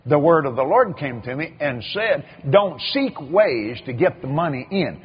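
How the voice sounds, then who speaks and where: An older man preaches a sermon through animated storytelling, repeating words and acting out the voices of those he quotes. His voice is husky and fairly high, delivered at a moderate pace, and the lo-fi recording sounds dull.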